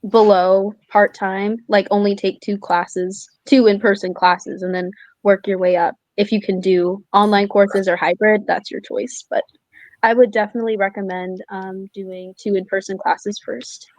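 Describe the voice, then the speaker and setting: A young woman, a college student, answering interview questions in a soft, hesitant way. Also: medium pitch, little pitch movement, normal speed, dry recording. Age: young adult. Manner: soft-spoken, hesitant, with many "um" and "like".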